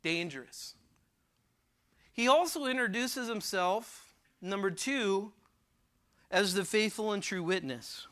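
A man's voice: sits high, slow, long pauses, pushed and bright. A man preaching a sermon, emphatic and repeating phrases for weight.

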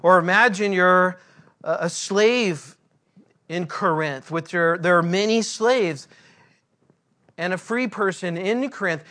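A man preaching a sermon in a church as pastor, earnest and deliberate, drawing out his phrases. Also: high voice, sharp tone.

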